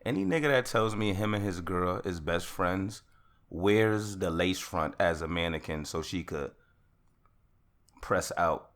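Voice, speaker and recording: A young man hosting his own podcast, ranting in a casual monologue that swings from loud outbursts to calmer talk. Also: sits low, unhurried. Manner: rants loudly, then calms down. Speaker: podcast host.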